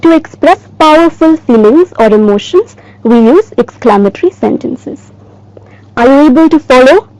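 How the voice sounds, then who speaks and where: A woman teacher giving a recorded lesson in a slow, clear, emphatic way. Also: high voice, animated, darkish tone, no echo, highs cut off.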